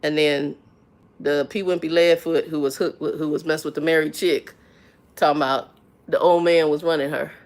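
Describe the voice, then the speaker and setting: A middle-aged woman in casual livestream chat, with a fairly low voice for a woman. She talks frankly in slang and tells animated stories, her voice jumping up as she gets worked up. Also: normal speed. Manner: animated storytelling, voice jumps up when riled; slangy, frank, repeats words. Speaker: livestream host.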